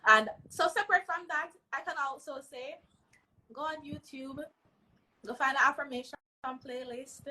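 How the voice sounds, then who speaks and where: A woman's voice: high-pitched, moderate pace, sharp tone, poor audio. A woman, a mental health advocate earnestly giving advice in an interview, often checking in with "right?". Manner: earnest, emphatic, tags lines with "right?".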